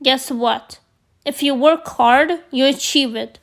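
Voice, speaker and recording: High-voiced woman rambling through a story. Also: takes it slowly. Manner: rambling, filler-heavy, addresses viewers as guys. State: hoarse from screaming. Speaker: vlogger. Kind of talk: storytime chat.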